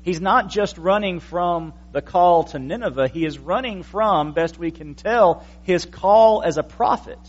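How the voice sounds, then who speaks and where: Male pastor, fairly high voice, explaining scripture in an easygoing sermon; dull, lo-fi recording. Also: unhurried, hardly any pauses. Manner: conversational teaching with wry asides to the congregation.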